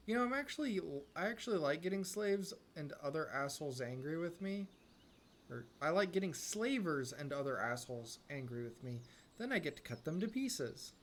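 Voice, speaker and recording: A man's voice: fairly high pitch, very animated, moderate pace, slight background noise. A man streaming a game live, making sarcastic, joking remarks.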